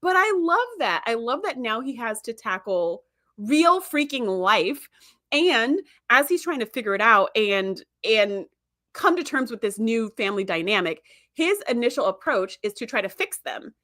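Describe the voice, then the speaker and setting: Woman host rambling through an episode recap, lots of "like", kinda high voice, casual and chatty. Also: lively intonation, moderate pace, pushed and bright. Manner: chatty, filler-heavy storytelling with many "like"s. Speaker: podcast host.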